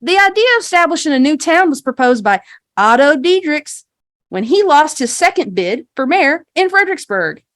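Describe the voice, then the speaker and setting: A bright, perky small-town shop lady with a drawl, as a woman puts her on, rattling off her sing-song tour spiel. She sounds folksy and rehearsed, pitched a touch high and pushing the lines out brightly. The voice stays cheerful and homespun throughout. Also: very animated, moderate pace, no room sound, clean studio sound. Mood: salesy cheerful.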